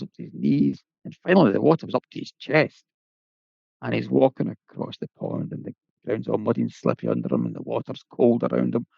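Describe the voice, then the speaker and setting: A man's voice: medium pitch, gravelly, slightly rough, no echo. A man telling a folk tale in a lilting, conversational way with folksy asides. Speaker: storyteller. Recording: dull lo-fi, dry.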